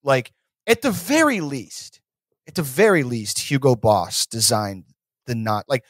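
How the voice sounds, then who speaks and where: A man's voice: medium pitch, expressive, a little slow, no room sound, studio quality. A man from Texas, a podcast guest, rambling through comedic chat and mocking people he talks about. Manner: rambling, mocking impressions of politicians.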